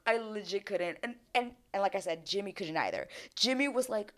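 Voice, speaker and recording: A woman's voice: mid-range voice, lively intonation, fairly quick. A woman hosting a reality TV recap in casual commentary, ranting with exasperation and swearing freely.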